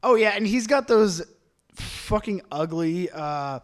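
A man's voice: sits high, animated, slow pace. A man co-hosting a comedy podcast, riffing with jokey asides in casual chat. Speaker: podcast co-host.

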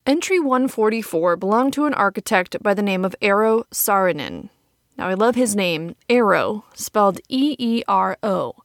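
A woman with a Wisconsin accent hosts a history podcast, reading a scripted story and dropping in wry, chatty remarks. Her pitch sits in a middle range for a woman. The recording is close and dry, with no room sound. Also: lively intonation, moderate pace, creaky, no room sound. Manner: conversational, wry asides. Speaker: podcast host. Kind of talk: scripted history narration with asides.

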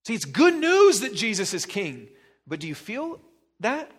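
A man's voice: sits high, wildly swooping pitch, measured pace, husky. A man preaching a sermon as pastor, pressing the listener with probing rhetorical questions and emphatic repetition.

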